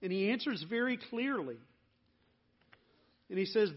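A man preaching a sermon, earnest and deliberate, dropping soft on the key phrases. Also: sits high, lively intonation, lo-fi sound. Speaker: pastor.

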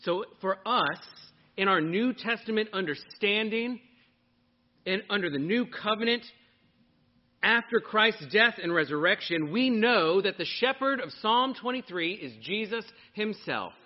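A male pastor preaching before a congregation, his voice pitched high for a man and swinging widely in tone. He teaches with energy, often turning to the room with questions. The recording sounds dull and lo-fi. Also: animated, unhurried. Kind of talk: sermon.

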